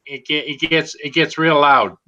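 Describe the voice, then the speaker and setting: A man with a high, very bright and sharp voice co-hosting a live stream. He jokes dryly and restarts his words often, and the audio is dull and lo-fi. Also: steady tone, normal speed. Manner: joking, dry, repeats words. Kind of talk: casual live-stream chat.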